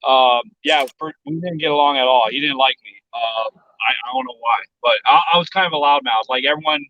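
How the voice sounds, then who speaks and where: A man's voice: medium pitch, fairly quick, phone-quality sound. A man from South Texas telling a story in casual chat, blunt and profane, and he acts out the voices of other people. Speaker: podcast guest.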